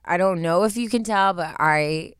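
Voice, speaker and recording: A young woman co-hosting a podcast, raspy from a cold, playful and laughing often. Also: on the low side, normal speed, dry recording, clean studio sound. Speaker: podcast co-host. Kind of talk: casual chat.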